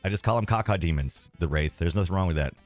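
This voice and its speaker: A man's voice: deep voice, fast talker, faint music behind. A man streaming retro games, rambling casually and self-deprecatingly as he reads and answers his chat.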